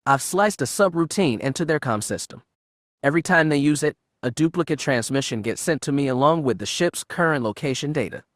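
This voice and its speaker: A man doing a gruff, terse bounty hunter. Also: on the high side, animated, fairly quick, no room sound, clean studio sound, natural voice.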